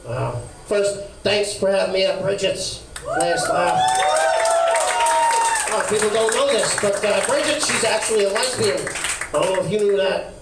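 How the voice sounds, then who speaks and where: A man with a fairly high voice works the room in a brash, crude stand-up persona, tossing off mumbled asides. He sounds far from the mic in an echoey club, with steady noise behind him. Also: normal speed, vocal fry, a loud crowd. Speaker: stand-up comic. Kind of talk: stand-up set in a brash lounge-act persona. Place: comedy club stage, live.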